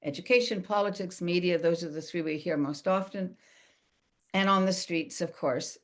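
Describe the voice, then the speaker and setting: A woman moderator with a fairly low voice leads the questions after a talk. She speaks conversationally and keeps checking in with the room. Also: moderate pace. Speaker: event moderator.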